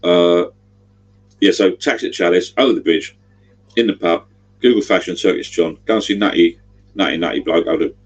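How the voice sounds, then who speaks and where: Speaking in a low, husky voice at a brisk clip, a middle-aged man chats his way through a casual livestream, rambling on and offering directions.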